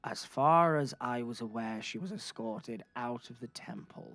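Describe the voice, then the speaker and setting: A man voicing a very old, hunched male grocer who talks gently and politely, with hesitant pauses that fade to near-whispers. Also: medium pitch, faint music behind. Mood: sorrowful.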